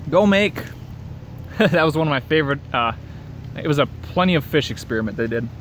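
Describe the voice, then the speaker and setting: A man's voice: a little high, expressive, normal speed, a bit bright, slight background noise. A man talking in a rambling, profane casual rant, repeating himself and chuckling between sentences.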